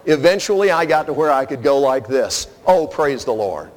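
A man's voice: medium pitch, lively intonation, moderate pace. Preaching man in a reverberant hall. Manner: earnest, conversational preaching with personal stories. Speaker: pastor. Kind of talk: sermon. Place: church sanctuary. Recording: long reverb of a large hall.

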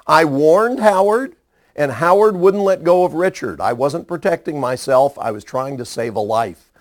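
A man's voice: a little high, moderate pace, no echo, studio quality. A male pastor telling stories in a sermon to young people, acting out the voices of the people he quotes. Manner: animated storyteller who acts out quoted voices.

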